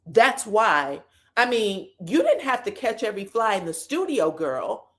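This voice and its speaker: A woman's voice: medium pitch, unhurried. A woman recapping reality TV drama in a casual, profane, chatty way. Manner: animated, profane, acts out quotes. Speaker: reality TV commentator.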